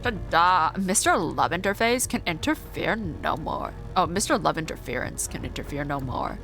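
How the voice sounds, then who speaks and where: A woman voicing a smug robot villain, showy and mocking, low voice, lively swoops. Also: moderate pace, creaky, faint music behind, heavily acted.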